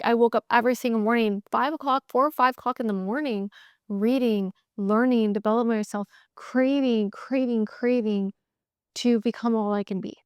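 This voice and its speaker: Woman host, motivational solo talk, fairly high, smooth voice, emphatic repetition. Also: no echo, clean studio sound. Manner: emphatic, repeats phrases in bursts; candid, swears casually. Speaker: sales coach podcast host.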